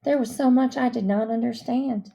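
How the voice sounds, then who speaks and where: Woman reading a storybook aloud, kinda high voice, warm and mellow, takes her time. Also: vocal fry. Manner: slow, measured, expressive. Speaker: audiobook reader. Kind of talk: storybook narration.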